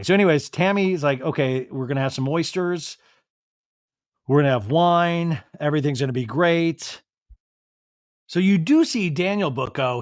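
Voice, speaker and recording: A man hosting a podcast who recaps a reality show in a chatty, animated way and often mimics the people he quotes. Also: on the high side, dry recording, clean studio sound. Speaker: podcast host.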